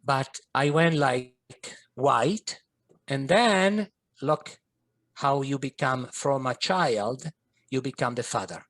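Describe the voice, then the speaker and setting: Middle-aged man, gravelly earnest storyteller. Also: medium pitch, takes it slowly, fairly bright tone. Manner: earnest, vivid, slips in Italian and French phrases. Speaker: podcast guest, family history coach. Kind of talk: personal storytelling in a podcast interview.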